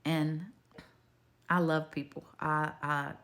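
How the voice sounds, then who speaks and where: A woman's voice: low-pitched, little pitch movement, takes it slowly, a bit bright. Older woman, chatty faith talk. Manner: chatty, digressive, homespun, talks straight to the viewer. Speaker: faith video maker. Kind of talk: rambling faith testimony to camera.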